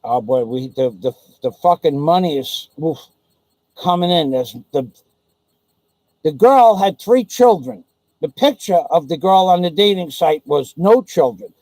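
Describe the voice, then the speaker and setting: A man's voice: a little high, lively intonation, unhurried, warm tone, dry recording, low-quality recording. A man vlogging in an indignant, profane storytelling rant. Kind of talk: ranting monologue.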